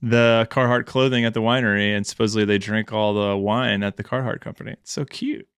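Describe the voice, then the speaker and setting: A man's voice: fairly low pitch, level tone, brisk, a bit bright, smooth, no room sound. A man in his thirties co-hosting a podcast, chatting casually with jokes and the odd swear word. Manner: laid-back, joking, swears casually. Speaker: podcast co-host. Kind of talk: casual chat.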